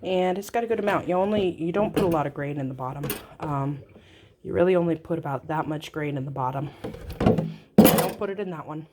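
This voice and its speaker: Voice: medium pitch, fairly quick, noisy background. A small-farm owner chatting casually through a how-to demonstration, explaining as they go with plenty of ums and uhs.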